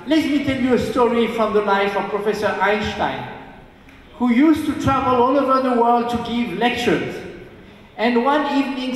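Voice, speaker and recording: Sex: man. Role: guest lecturer. Style: public lecture, engaging, asks the audience questions. Pace: slow. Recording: echoey lecture hall with long reverb. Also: very high-pitched, distant mic.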